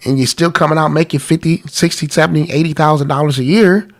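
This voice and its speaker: A man's voice: on the high side, steady tone, fast. A man hosting a live-streamed talk about money, congested from a cold, earnest and pleading, repeating himself. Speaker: podcast host.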